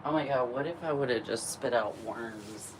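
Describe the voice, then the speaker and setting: A woman's voice: rumbling low, moderate pace, noisy background. A middle-aged woman vlogging in casual chat, laughing often and swearing freely while feeling unwell from a cleanse.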